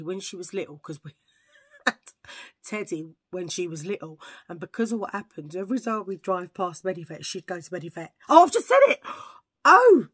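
A woman's voice: fairly low pitch, a bit bright, husky. Woman, casual vlog chat, rambling, close camera. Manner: rambling, chatty, jumps between tangents. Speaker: vlogger. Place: at home filming under a ring light.

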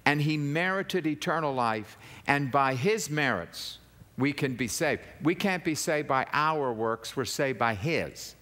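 Older male preacher, fairly high voice, slow deliberate delivery, emphatic with big pitch swings. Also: animated, a bit bright. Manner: emphatic, swings pitch up for climaxes and drops low for asides. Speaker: Bible teacher. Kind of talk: sermon-style Bible teaching.

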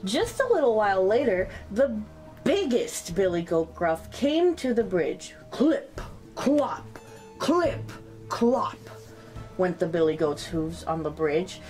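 A woman reading a children's story aloud in an expressive, sing-song storyteller's way, greeting her young listeners. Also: lowish voice, measured pace, soft background music.

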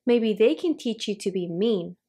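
A woman's voice: medium pitch, expressive, moderate pace, dark tone, breathy edge. A woman voicing a mean, bossy mother witch in a read-aloud storybook. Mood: shrill.

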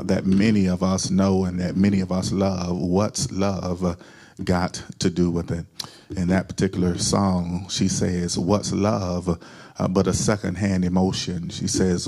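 A man's voice: sits low, mellow. A man preaching a sermon as pastor, repeating key phrases and calling on the congregation to answer back.

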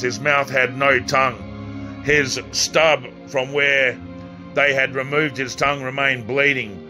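A man reading his own first-person story aloud, plainly, with occasional slips and restarts. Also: medium pitch.

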